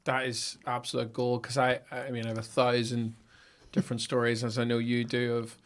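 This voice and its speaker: A man hosting a podcast interview, thinking out loud in a reflective way. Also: mid-range voice, monotone, fairly quick. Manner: thoughtful, thinking aloud with restarts. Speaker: podcast host.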